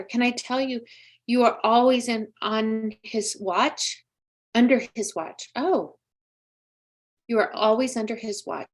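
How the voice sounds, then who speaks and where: A woman hosting a live-streamed psychic reading, speaking earnestly and emotionally straight to a viewer. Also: fairly high pitch. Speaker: psychic medium host.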